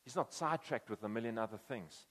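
A man's voice: mid-range voice, quick pace, long reverb tail. A man preaching a conversational sermon, acting out quoted voices as he tells the story. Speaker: pastor.

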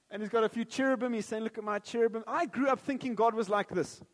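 Man, preacher, sermon, high voice, long hall reverb. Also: a little fast. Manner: jokey and animated at first, then earnest and prayerful.

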